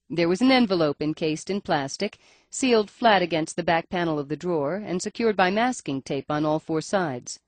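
A woman's voice: deep voice, no echo. A woman reading a first-person audiobook in a wry, dry storytelling manner. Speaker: audiobook narrator.

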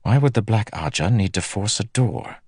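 A man's voice: lowish voice, lively intonation, normal speed, a little mellow, husky, dry recording, clean studio sound, voice pushed up. A man voicing a determined young male lord in an audiobook, speaking tersely and with purpose.

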